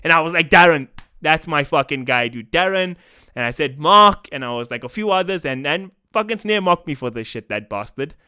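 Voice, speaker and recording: A man's voice: on the high side, animated, fairly quick, sharp tone, clean tone, no room sound, studio quality. A young South African man with a South African accent, ranting in a profane, casual-slang commentary vlog. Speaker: esports commentator.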